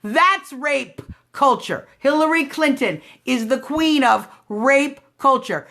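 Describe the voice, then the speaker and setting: A woman hosting a live phone stream, talking loudly in a confrontational, sarcastic political rant. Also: sits high, animated, slow. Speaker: livestream host. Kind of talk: combative political livestream rant. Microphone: phone livestream.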